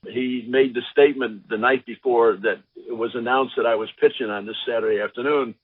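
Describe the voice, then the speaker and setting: An older former ballplayer telling lively anecdotes in an interview, acting out the voices of the people he quotes. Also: medium pitch, a little fast, breathy edge, no room sound. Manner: animated anecdotes, acts out quotes. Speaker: former baseball pitcher, guest. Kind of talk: storytelling interview. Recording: dry, phone-like line.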